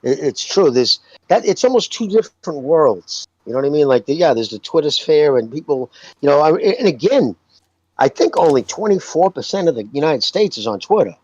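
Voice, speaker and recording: A man co-hosting a casual sports podcast, animated and swearing freely, laughing often as he talks. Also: on the high side, brisk, husky, no room sound, lo-fi sound. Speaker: podcast co-host.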